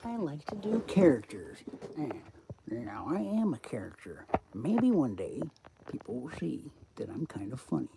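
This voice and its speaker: Man, live stream monologue, rambling and profane, mid pitch, noisy background. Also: very animated, measured pace, vocal fry. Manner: rambling, profane, jumps between topics.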